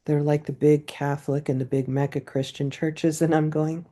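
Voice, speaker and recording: A woman's voice: sits low, flat delivery, moderate pace, few pauses, warm tone. A woman poet, a guest in a casual interview, telling stories in a chatty way. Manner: chatty storytelling.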